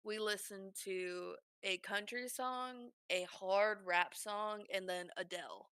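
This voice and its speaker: A woman streamer telling work stories in casual chat, animated and swearing freely. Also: medium pitch, slow, clean tone, no room sound, studio quality.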